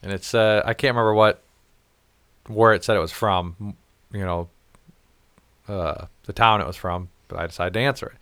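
A man's voice: lowish voice, steady tone, moderate pace, long pauses, a bit bright, smooth, dry recording. Profane, rambling storytelling man. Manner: profane, rambling, acts out quoted voices. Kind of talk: casual storytelling chat.

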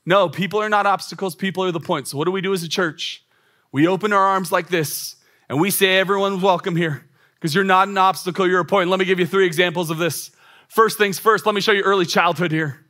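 A man's voice: high-pitched, fairly even intonation, brisk, bright, forceful tone. A man in his thirties preaching a sermon as a pastor, emphatic and repetitive, with rising exclamations. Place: church auditorium.

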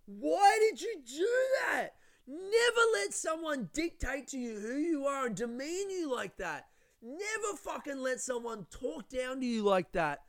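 A man with an Australian accent imitating a furious young man who yells at a friend in a high, strained voice. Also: big pitch swings, a little slow, hardly any pauses, heavily acted. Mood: furious yelling. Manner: shouting, high-pitched, strained ranting.

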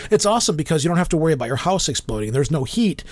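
A man's voice: a little high, big pitch swings, rapid-fire, a little mellow, dry recording. A man hosting a casual podcast, telling long rambling stories with frequent restarts. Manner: rambling storyteller, many restarts. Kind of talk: casual chat.

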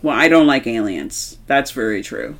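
A young woman with a very deep voice speaks at a normal speed while co-hosting a horror movie podcast. The conversation is casual, and she's animated and emphatic, cursing heavily.

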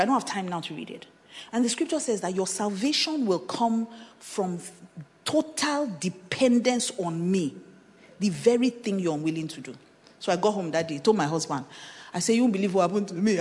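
A woman pastor with a Nigerian accent preaches a testimony-filled sermon, recounting her own story animatedly with laughter, snatches of pidgin and sudden shouts. Her voice sits a little high, and a faint hiss or hum runs under the audio. The sound echoes as in a reverberant conference hall.

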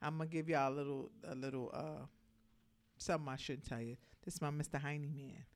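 A woman's voice: low voice, steady tone, a little fast. A young woman co-hosting a radio show, joking and laughing as she chats on the mic. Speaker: radio co-host. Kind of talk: casual radio banter. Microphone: studio microphone.

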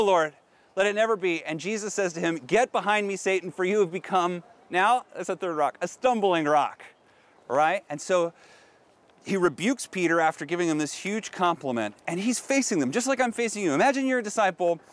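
A middle-aged man preaches outdoors in a fairly high voice. He is earnest and thinks aloud, posing what-if questions to his listeners. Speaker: pastor. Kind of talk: outdoor sermon. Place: outdoors at a historic site.

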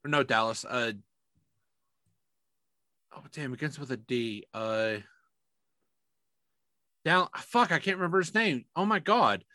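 A man co-hosting a podcast in casual, profane chat. He tells animated stories and acts out the voices in them. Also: medium pitch, a little slow, long pauses, dry recording, clean studio sound. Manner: profane, animated storytelling with big voiced quotes. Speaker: podcast co-host.

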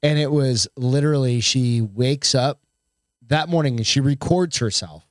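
A man's voice: medium pitch, a little slow, no room sound, studio quality. A man co-hosting a podcast, chatting loosely with lots of fillers and casual swearing. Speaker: podcast co-host. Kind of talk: casual chat.

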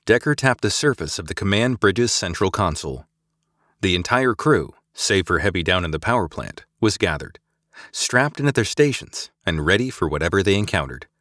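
A man narrating a sci-fi audiobook in an expressive storytelling manner, recorded close on a studio mic. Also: low voice, normal speed, no echo. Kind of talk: scripted narration.

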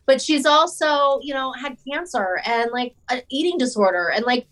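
Chatty actress with a high voice. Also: female voice, normal speed, fairly bright tone, low-quality recording. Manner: chatty, many fillers and restarts. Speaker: actress, guest. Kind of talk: casual interview chat.

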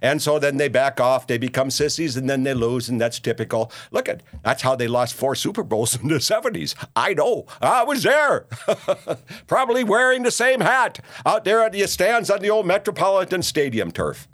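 A man's voice: fairly high pitch, animated, moderate pace, fairly bright tone. A man playing a boastful older Minnesota radio host. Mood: rambling. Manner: rambling, boastful, folksy, lots of "you see" and "uh". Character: blustering older male ex-radio talk host. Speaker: show host. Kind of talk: comedic character monologue.

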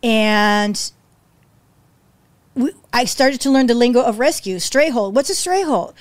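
High-pitched woman guest, expressive storyteller who acts out every quote. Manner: acts out quotes with big pitch jumps, emotional, fast restarts. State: near tears. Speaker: podcast guest, rescue founder. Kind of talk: animated storytelling in conversation.

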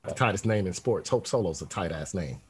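A man's voice: sits low, expressive, fairly quick, slight background noise. Brash, teasing podcast co-host man. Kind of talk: casual podcast banter. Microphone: studio mic.

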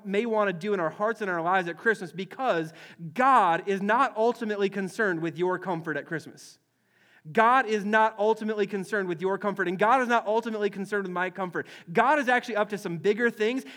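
A man preaching a sermon as pastor, animated, acting out scenes with voices and often restarting and repeating words. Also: sits high.

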